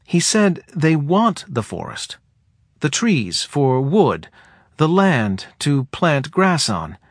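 A man voicing a soft-spoken male forest being who talks in a quiet, hesitant, almost drowsy way. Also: on the high side, wildly swooping pitch, takes it slowly, dry recording, studio quality, pitched above the performer's own voice, full character voice. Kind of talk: audiobook character voice.

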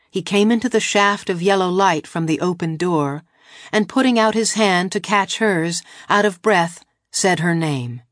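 Lady reading a novel, lowish voice, dry close mic, steady pace. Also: no echo. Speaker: audiobook narrator. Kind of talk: scripted narration of a novel.

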